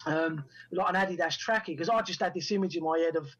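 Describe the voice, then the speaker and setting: On a podcast, a man with a highish voice talks fast as he tells animated stories from his acting career, acting out other people's quoted lines; he's an actor and writer. The recording sounds muffled.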